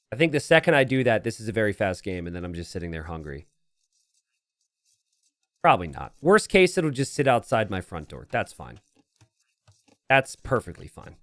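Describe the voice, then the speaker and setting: A man calls a competitive match live from his home streaming setup. His pitch leaps up and down as he talks. He rambles into jokey, self-deprecating asides between calls of the game. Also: no echo. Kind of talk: live game commentary mixed with casual chat.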